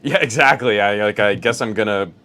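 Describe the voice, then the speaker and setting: Deep-voiced man with a radio announcer delivery. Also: a little fast, bright, forceful tone. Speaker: podcast co-host. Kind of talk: casual tech podcast chat.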